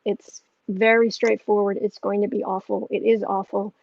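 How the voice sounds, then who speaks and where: A woman's voice: medium pitch, little pitch movement, moderate pace, gravelly, a little mellow. A woman hosting a tarot livestream, reading viewer questions aloud in a blunt, rambling, opinionated way. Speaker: tarot reader and channel host. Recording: dull lo-fi audio.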